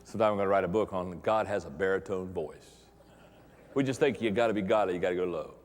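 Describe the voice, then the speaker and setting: Speaking fast in a low voice, a middle-aged leadership speaker delivers a humorous motivational talk to pastors. He jokes and playfully voices other characters for an audience in a large hall, its long reverb audible.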